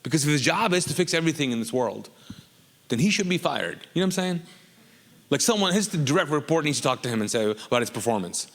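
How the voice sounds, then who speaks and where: A man's voice: a little high, animated, fast talker, fairly bright tone, big-room sound. A man from Kuwait, a pastor preaching a sermon in a casual, joking style that often asks the congregation questions.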